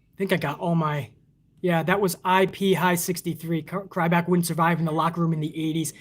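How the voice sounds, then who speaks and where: A man's voice: on the high side, little pitch movement, a little fast. A man hosting a casual wrestling livestream from the United States, ranting in a profane, heated, rambling way and reading out donations. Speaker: wrestling podcast host.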